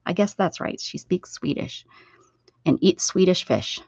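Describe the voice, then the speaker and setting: A woman hosting a casual craft livestream, rambling and chatting warmly with viewers as she sews. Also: on the low side, lively intonation, a little slow, creaky, husky, no echo. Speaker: livestream host. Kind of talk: casual livestream chat while sewing. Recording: dull, dry lo-fi sound.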